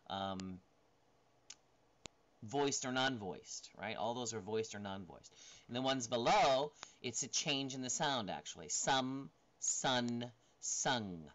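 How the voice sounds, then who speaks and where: A man with a mid-range, fairly bright voice teaches a recorded lecture over slides. The instructor talks casually with many fillers and often checks in with "right?", on a dull lo-fi recording with faint noise.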